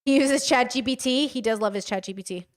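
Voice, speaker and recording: Reacting to a show on stream, a woman speaks directly to her chat in a casual, blunt, emphatic way. Her pitch is fairly high and she's a fast talker.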